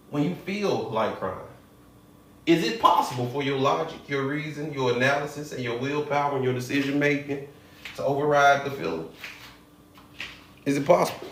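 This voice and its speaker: A middle-aged man explains the mind like a hypnotherapist teaching a live class, firing rhetorical questions at his viewers. His voice sits at an ordinary middle pitch. The room echoes, with faint noise underneath. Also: moderate pace, a bit bright.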